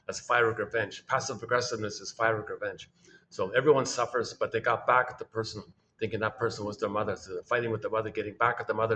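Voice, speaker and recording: A man with a lowish voice muses aloud in a loose, casual commentary, circling back and restarting his phrases. He slips now and then into quick voicings of the people he talks about. A faint hiss sits under the recording. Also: fairly even intonation, bright, forceful tone, lo-fi sound. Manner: musing, restarts phrases, acts out quoted people. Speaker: host of a quotes channel.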